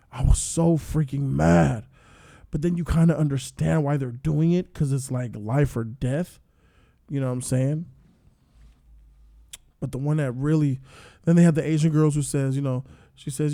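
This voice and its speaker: A man giving a casual, animated review and retelling a story in loose slang. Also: medium pitch, moderate pace, gravelly, no echo, clean studio sound.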